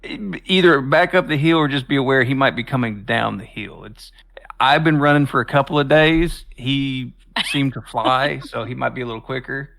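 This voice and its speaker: A man with a bright voice plays a tabletop game with friends, speaking in a relaxed, wry way. His pitch sits in the middle for a man. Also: normal speed, gravelly. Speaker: player. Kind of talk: casual tabletop game play.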